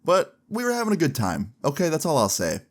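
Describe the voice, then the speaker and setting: A man's voice: a little high, wildly swooping pitch, fairly quick. A young man telling a personal story in a casual, slangy way for a vlog. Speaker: vlogger.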